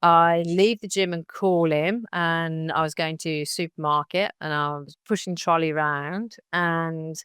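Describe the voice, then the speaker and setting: A woman's voice: sits low, unhurried, few pauses, clean tone, dry recording, studio quality. Woman telling her story on a podcast. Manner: animated retelling that acts out other people's lines. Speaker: interview guest.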